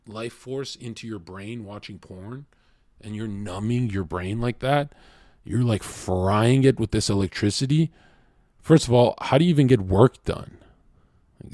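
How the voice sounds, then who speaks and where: A man's voice: mid-range voice, a little mellow, no room sound, clean studio sound. A man streaming to his chat, lecturing in a brash, heated and profane rant.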